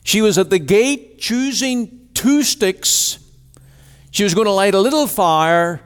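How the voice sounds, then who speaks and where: A man's voice: sits high, expressive, slow pace, smooth, long reverb tail. A man preaching a sermon and posing rhetorical questions to his listeners.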